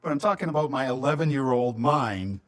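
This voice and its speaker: A middle-aged man from Minnesota co-hosts a casual podcast with an old friend. He tells childhood stories in an animated way and laughs often. His voice swings widely in pitch at a mid-range level. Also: a little fast. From Minnesota, USA. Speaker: podcast co-host.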